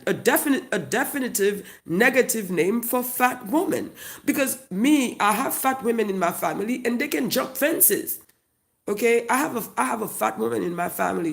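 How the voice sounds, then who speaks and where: A comedian with a Haitian accent tells a profane, loud, mocking story straight to camera. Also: medium pitch, lively intonation, moderate pace, gravelly.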